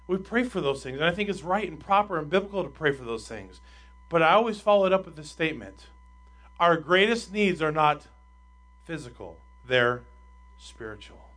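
A male pastor delivers a sermon in a bright, forceful voice that sits a little high. He drives points home with rhetorical questions, rising loud on key lines and dropping quiet on others. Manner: emphatic, swings between loud and quiet; asks the congregation rhetorical questions.

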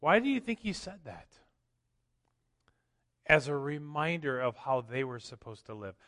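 A man preaching a sermon as pastor, swinging from loud emphatic lines to quiet asides. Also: mid-range voice, lively intonation, unhurried. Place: church. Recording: long church hall reverb.

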